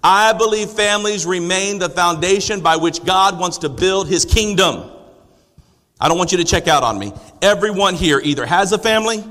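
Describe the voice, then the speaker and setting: High, bright-voiced preacher in a hall. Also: male voice, normal speed. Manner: rhetorical questions to the congregation, building to emphatic declarations. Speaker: pastor. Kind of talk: sermon. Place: church sanctuary. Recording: long hall reverb.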